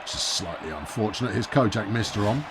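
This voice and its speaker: This gaming video host has a lowish voice with lively intonation and talks fast against background noise. His let's-play commentary on a baseball game is wry and chatty, and he frequently mutters to himself.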